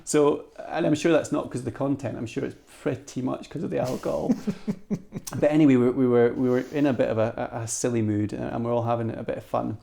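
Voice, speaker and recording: A man with a Scottish accent, a podcast guest telling a story in a casual, animated way with frequent restarts. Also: medium pitch, brisk, gravelly. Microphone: cheap microphone.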